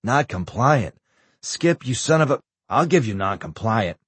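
A man's voice: medium pitch, expressive, a little slow, husky, no echo. A man voicing a stubborn, sarcastic injured man pushing to get out of bed, in an audiobook. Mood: impatient. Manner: insistent, sarcastic. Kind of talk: audiobook character voice.

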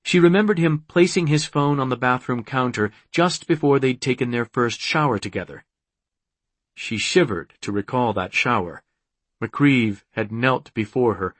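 A man narrating an audiobook in a measured, unhurried reading. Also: medium pitch, no room sound. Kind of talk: scripted narration.

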